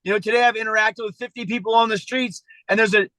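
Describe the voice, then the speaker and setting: A man with a high, bright and forceful voice talks haltingly on a video call, restarting his sentences often. He sounds earnest and emotional, close to tears. The sound is dry and close. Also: steady tone, no room sound, poor audio. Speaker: citizen journalist being coached. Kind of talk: emotional personal talk on a coaching call.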